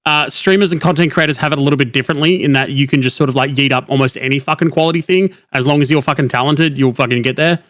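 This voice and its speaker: A man's voice: mid-range voice, fairly even intonation, fast, hardly any pauses, a bit bright, no echo. A man in casual chat making his argument in an opinionated way, swearing heavily.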